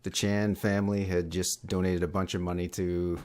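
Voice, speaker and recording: Easygoing guy, guest on a podcast, lowish voice, modest. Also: flat delivery, normal speed, a little mellow. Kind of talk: casual podcast chat.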